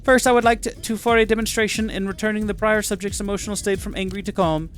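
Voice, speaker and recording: A man's voice: high voice, steady tone, fast talker, faint music behind, lightly acted. A man putting on a fussy, formal alien researcher. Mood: prim, inquisitive. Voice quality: stiff formal speech with tag questions.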